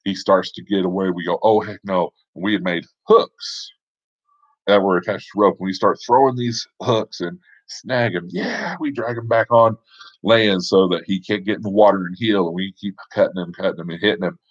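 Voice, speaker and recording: A man's voice: low-pitched, normal speed, dry recording, highs cut off. A man casually retelling a tabletop role-playing game session in a rambling, offhand way. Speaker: storyteller.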